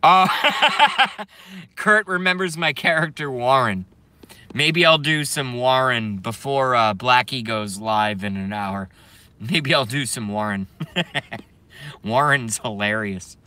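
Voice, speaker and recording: A man's voice: medium pitch, takes it slowly, sharp tone. A young man ranting brashly and profanely on a live stream while reading viewer comments.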